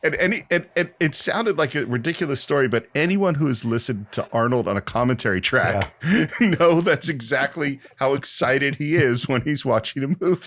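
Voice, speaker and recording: A man in casual podcast chat, his pitch rising and falling freely as he tells stories. His voice sits at a middling height, and he breaks into laughter often. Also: moderate pace. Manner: animated storytelling, laughs often. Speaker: film podcast co-host.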